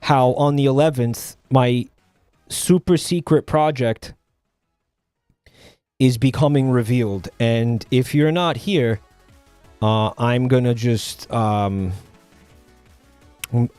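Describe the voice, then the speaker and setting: Guy streaming, just rambling to chat, lots of um and like, kinda dry and sarcastic, music low in the back. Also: a little mellow, smooth, no echo. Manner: rambling, halting, with many fillers and restarts; offhand and sardonic. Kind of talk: casual live-stream chat.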